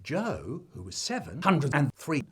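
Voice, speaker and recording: A man telling a comic family story in an animated storytelling manner, his delivery chopped up by remix edits. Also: a little slow, breathy edge. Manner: animated storytelling with big swings in pitch and volume.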